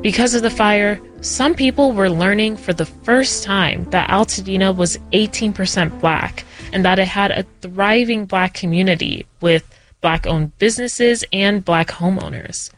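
A woman's voice: medium pitch, unhurried. Female reporter narrating over music. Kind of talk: news narration.

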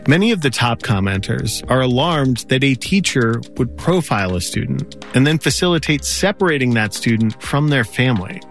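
A man reporter giving calm, explanatory scripted news narration. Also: mid-range voice, normal speed, few pauses, faint music behind. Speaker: radio reporter.

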